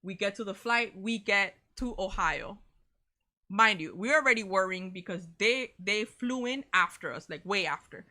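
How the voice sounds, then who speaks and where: A young woman, co-hosting a casual chat and telling a story in an animated way, swearing freely and saying "bro" a lot. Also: mid-range voice, moderate pace. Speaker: co-host of a reaction channel.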